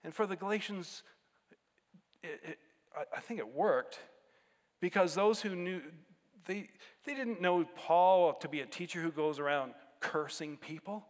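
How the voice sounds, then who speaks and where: A man's voice: high-pitched, measured pace, in a large hall. A man pastor giving a conversational sermon, breaking into sudden emphatic bursts.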